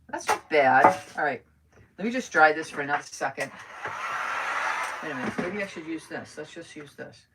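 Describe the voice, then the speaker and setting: A woman chatting casually with her viewers while doing a craft project live, rambling and greeting people by name. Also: mid-range voice. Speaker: crafting livestream host. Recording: voice a bit far from the mic, faint noise.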